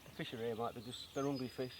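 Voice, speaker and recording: A man's voice: mid-range voice, steady tone, fast talker. A man answering questions by a lake in a cheeky, guarded way as a guest angler. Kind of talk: casual interview answers. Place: outdoors at a fishing lake. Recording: outdoor recording with clear background noise.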